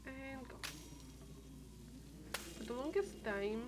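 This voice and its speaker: Over music, a woman with a high-pitched voice talks slowly during a game stream. It's casual gameplay chat, with plenty of restarts and trailing thoughts, recorded with steady background noise.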